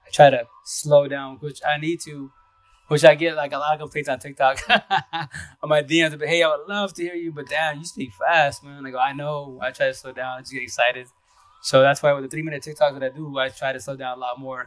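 A man hosting a casual live stream, talking fast and rambling, with restarts and repeated words. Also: medium pitch, level tone, dry recording. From Seattle area. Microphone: phone.

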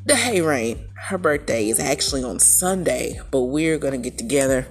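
A middle-aged woman hosting a casual solo podcast from her home, chatty and animated, with playful asides. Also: very deep voice, moderate pace, soft background music. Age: middle-aged or older. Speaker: podcast host. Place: at home in a chair.

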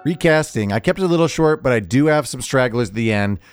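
A man's voice: mid-range voice, expressive, fast talker, over loud music. A man co-hosting a casual podcast, steering the conversation in a dry, easygoing way. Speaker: podcast co-host. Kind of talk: casual movie-recast chat.

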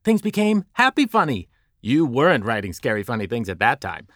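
A man playing a kooky neighbor husband in a deadpan sitcom parody, rambling and repeating himself. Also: medium pitch, a little fast, dry recording, studio quality. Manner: rambling, repetitive storytelling.

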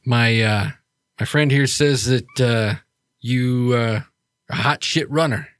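A man voicing a big, young, easygoing male troll gang member, with halting, laid-back speech in a dry recording. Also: medium pitch, no room sound, close to an everyday voice. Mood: casual.

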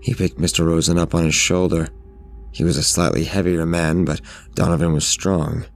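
A man reads a scripted horror story in a measured, steady delivery. His voice sits extremely low and has a gravelly texture. The melody stays flat throughout.

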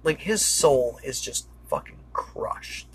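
A woman's voice: extremely low pitch, huge pitch swings, takes it slowly, slightly rough. A woman co-hosting a casual chat, recapping a film and swearing freely. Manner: casual, swears, sympathetic reactions. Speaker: podcast co-host.

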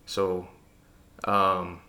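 A man telling personal stories in a relaxed, casual conversation, with lots of fillers. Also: deep voice, extremely slow. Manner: relaxed storytelling with many fillers. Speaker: guest.

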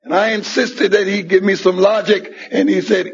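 A man's voice: high-pitched, level tone, normal speed, gravelly, few pauses, slightly rough. A man speaking at a recovery meeting, telling his personal story and acting out what others said to him, on a dull lo-fi tape recording. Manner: storytelling with acted-out quoted dialogue. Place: meeting hall.

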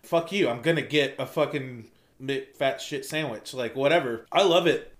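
A man in casual chat, animated, swearing and saying "dude" often. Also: mid-range voice, moderate pace. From United States. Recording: echoey room.

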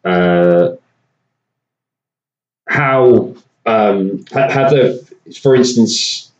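Male podcast host, low-ish, rambling delivery, roomy lo-fi sound. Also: darkish tone. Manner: rambling, many fillers and restarts. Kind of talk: casual podcast chat. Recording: echoey room, dull lo-fi sound.

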